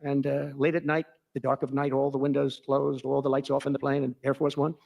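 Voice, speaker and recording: A man's voice: medium pitch, monotone, a little fast, creaky, a little mellow. A man giving a boastful, rambling anecdotal speech, repeating himself as he digresses. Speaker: speaker telling a story at an event.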